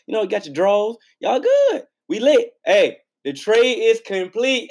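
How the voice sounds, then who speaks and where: A man's voice: sits high, big pitch swings, unhurried, darkish tone. Hyped slangy podcast co-host man. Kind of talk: casual sports podcast chat.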